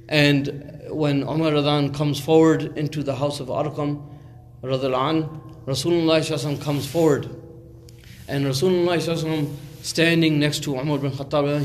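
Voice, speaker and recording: A man telling a story in a conversational sermon, with many fillers and restarts and recited Arabic phrases. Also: fairly high pitch. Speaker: Islamic speaker.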